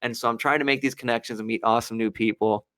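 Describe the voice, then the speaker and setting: A man's voice: mid-range voice, racing, no room sound, studio quality. A young man from Wisconsin, co-hosting a podcast, chatting casually and acting out quotes as he tells a story. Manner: animated storyteller, acts out quotes. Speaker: podcast co-host. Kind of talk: casual chat.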